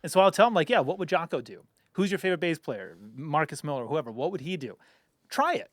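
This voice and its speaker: A bass-playing teacher in a casual podcast chat, a man explaining his ideas through examples and checking in with asides. His voice sits a little high for a man. The sound is dry and close, with no room around it. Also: lively intonation, fast, dry recording. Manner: explains with examples, many "you know what I mean" asides. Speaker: bass player and music teacher.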